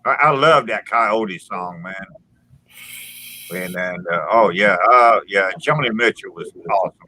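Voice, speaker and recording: Male host, bright tense tone, rambling profane chat, lots of false starts. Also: lowish voice, rough recording. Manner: profane, rambling, halting restarts. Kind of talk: casual group chat.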